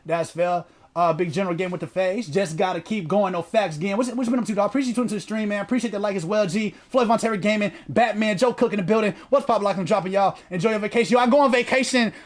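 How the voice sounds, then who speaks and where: A man with a high, quick voice hosts a livestream from his desk. He talks in loose, profane slang and rattles through viewer comments at a brisk clip. The delivery is high-pitched and fast. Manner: profane, slangy, reads chat aloud. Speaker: livestream host. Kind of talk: casual livestream chat.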